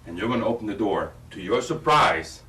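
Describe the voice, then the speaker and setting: A man's voice: on the low side, lively intonation, brisk, bright, forceful tone, a little hiss or hum. A man directing an audition, explaining a scene to an actress in a rambling way with many restarts. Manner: rambling, restarts, acts out lines. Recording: roomy, distant from the mic.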